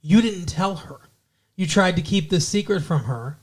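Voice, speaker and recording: A man's voice: high-pitched, expressive, normal speed, breathy edge. A man voicing a defiant young male vampire in a casual, offhand retelling, barely changing his own voice. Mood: defensive.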